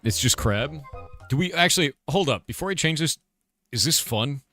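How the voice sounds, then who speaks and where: A man's voice on the high side talks at a moderate pace over soft background music in a dry recording. He's a game developer chatting casually on his livestream, asking viewers things, musing aloud and suddenly turning emphatic.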